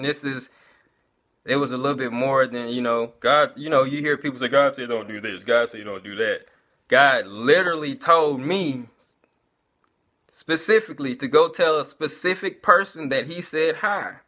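A man's voice: mid-range voice, bright, forceful tone. A man giving a casual personal testimony, talking conversationally and often addressing his listeners as y'all.

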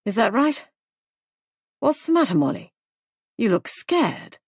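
A woman's voice: on the high side, very animated, slow, husky, dry recording, clean studio sound, voice pushed up, exaggerated voice. Woman voicing a gloomy young husband. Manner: gloomy, matter-of-fact.

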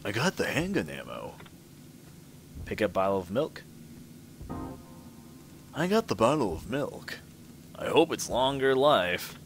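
A man's voice: fairly low pitch, big pitch swings, a little slow, pauses often. A man giving commentary while playing a horror game, reading the on-screen text aloud and musing to himself. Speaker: let's play commentator. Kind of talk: gameplay commentary. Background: game music.

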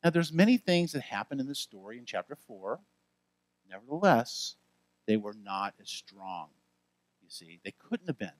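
A male pastor preaching a sermon in a lively, conversational way with frequent asides to the congregation. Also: mid-range voice, moderate pace, dry recording. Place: church.

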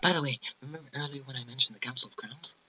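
A man voicing a fast-talking female royal advisor in a game, in a breathy half-whisper. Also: very deep voice, pushed and bright, lo-fi sound, heavily acted. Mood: brisk.

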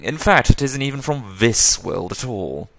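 A man's voice: mid-range voice, animated, unhurried, vocal fry, no room sound, voice pushed up. A man voicing a flippant, condescending male elf who lectures at length with sarcasm.

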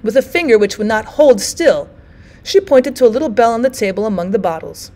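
A woman teacher reading a short story aloud in an expressive audiobook narration. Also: fairly high pitch, fairly quick.

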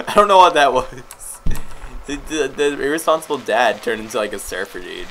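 A man giving excitable, joking gameplay commentary, swearing and yelling at the game. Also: mid-range voice, measured pace, vocal fry, rough recording. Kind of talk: let's play commentary.

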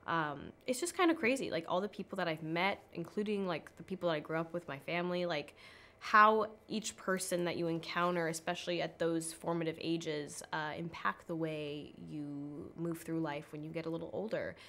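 A woman's voice: low-pitched, moderate pace, fairly bright tone. A young American woman from California chatting in a press interview, full of "like" and "um". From California, USA. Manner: chatty, filler-heavy with frequent "like" and "um". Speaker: interviewed actress.

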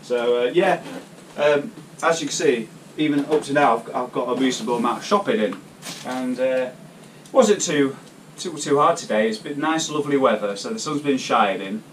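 A man's voice: mid-range voice, normal speed. A man from the UK talking casually through his shopping haul in a cycling vlog, rambling with many hesitations. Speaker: cycling vlogger. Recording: distant mic, faint background noise.

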